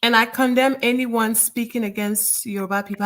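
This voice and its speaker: Earnest woman caller, a bit high. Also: steady tone, normal speed. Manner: earnest, defensive. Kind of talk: call-in talk.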